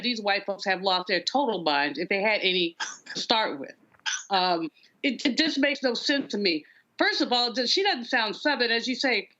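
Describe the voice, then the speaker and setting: A woman's voice: fairly high pitch, a bit bright. Blunt woman panelist, lo-fi feed. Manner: wry, blunt, conversational. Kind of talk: political panel commentary.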